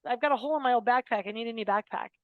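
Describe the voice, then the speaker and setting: A woman's voice: fairly high pitch, racing, dry recording, phone-quality sound, lightly acted. A woman putting on a chirpy little schoolgirl. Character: bright eager young schoolgirl.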